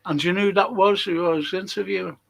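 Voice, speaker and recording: A man's voice: high voice, fairly even intonation, fast talker, creaky, a bit bright, poor audio. An older man, co-hosting a casual chat and telling long rambling anecdotes. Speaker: co-host.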